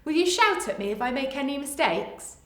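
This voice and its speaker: Lively English woman teaching young kids. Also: high-pitched, a little fast. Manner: playful, exaggerated, sing-song teacher voice. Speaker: primary school teacher. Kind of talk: video writing lesson for young children. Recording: echoey room.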